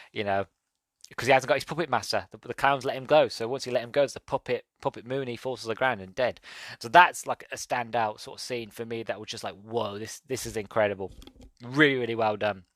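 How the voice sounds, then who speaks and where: A man's voice: mid-range voice, fairly bright tone, no room sound. A man hosting a podcast, casually reviewing a film in a rambling, enthusiastic way with many fillers. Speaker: podcast host. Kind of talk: casual movie review monologue.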